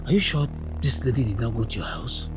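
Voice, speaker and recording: A man's voice: medium pitch, sing-song, fast talker, over music, natural voice. A Nigerian-accented actor playing a concerned friend who keeps repeating his questions, in a film drama.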